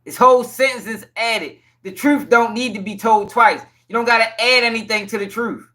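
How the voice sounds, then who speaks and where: With a steady tone and normal speed, a man on a casual livestream reads through court papers and speaks directly to his viewers in chat. His high voice comes across bright, sharp and forceful, and his blunt, exasperated slang is laced with swearing and repetition.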